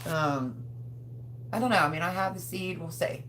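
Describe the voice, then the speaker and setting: Middle-aged woman, deep speaking voice, easygoing rambling host of a home live chat. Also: moderate pace, a bit bright, a little hiss or hum. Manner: chatty, rambling, many ums. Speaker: livestream host. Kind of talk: casual live chat reading comments.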